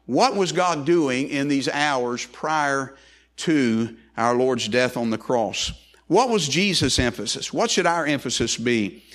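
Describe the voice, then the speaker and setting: A man's voice: mid-range voice, lively intonation, takes it slowly, fairly bright tone. A man preaching a sermon as pastor, folksy and loose, with frequent restarts and repeated words.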